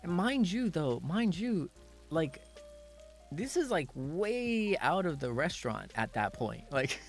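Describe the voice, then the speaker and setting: A man's voice: takes it slowly, faint music behind. A man chatting casually on stream, telling a story with lots of laughter and acted-out quotes. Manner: animated storytelling, bursts into high laughter, acts out quotes. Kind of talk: casual chat.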